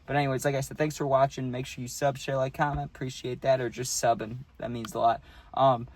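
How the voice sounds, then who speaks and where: A YouTube storyteller tells a tale for his vlog outdoors on a hot day, recorded on a phone. His medium-pitched voice is flat and brisk, and his laid-back, slangy style includes saying "dude" a lot.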